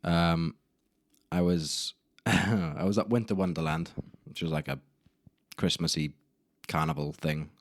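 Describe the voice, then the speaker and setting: A man's voice: low-pitched, fairly even intonation, a little slow, no room sound, clean studio sound. A young man hosting a solo podcast, telling embarrassing stories in a rambling, self-deprecating way with casual swearing. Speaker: podcast host. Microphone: camera mic in a room.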